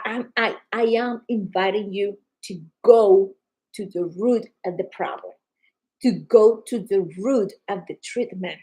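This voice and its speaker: Animated woman with a non-native English accent. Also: a little high, poor audio. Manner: animated, emphatic, calls viewers darling. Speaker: social media host. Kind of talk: casual live-stream talk.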